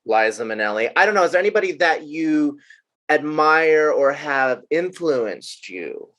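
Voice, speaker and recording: A man's voice: a little high, lively intonation, a little slow, bright, forceful tone. Male podcast host, enthusiastic and encouraging interviewer. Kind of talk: casual interview chat.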